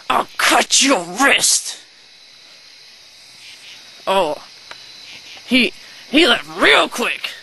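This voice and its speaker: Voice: medium pitch, creaky, sharp tone, a little hiss or hum, full character voice, rough recording. A performer playing a rude, hot-tempered man shopper who rants, swears and threatens in an amateur sketch.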